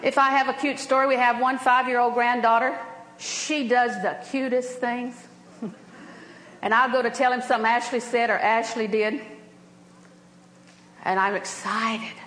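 Older woman preacher, fairly high voice, lively and chatty delivery, echoey hall sound. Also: normal speed, slight background noise. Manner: lively, laughing, storytelling preacher. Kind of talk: sermon.

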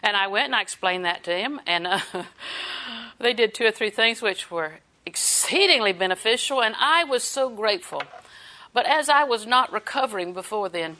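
Older female preacher, bright tone, folksy and chatty. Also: mid-range voice, expressive, normal speed. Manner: folksy, chatty, laughs often. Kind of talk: sermon.

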